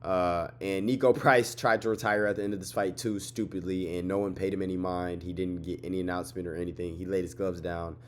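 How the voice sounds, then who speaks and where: Tired, excitable man swearing through a recap. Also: low-pitched, a little fast, hardly any pauses, slight background noise. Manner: excitable, swearing, repeats phrases, trash-talks. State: tired, yawning late at night. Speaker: MMA fight recap host. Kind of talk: casual fight breakdown vlog.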